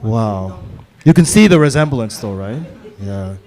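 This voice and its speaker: A man doing a stand-up set of deadpan one-liners and puns on a club stage. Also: on the low side, unhurried. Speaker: stand-up comedian. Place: comedy club stage with live audience.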